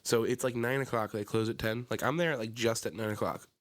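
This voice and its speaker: A man co-hosting a casual podcast, telling stories in an animated way and acting out his own anger. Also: medium pitch, fast talker. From Pennsylvania. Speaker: podcast co-host. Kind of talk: casual chat.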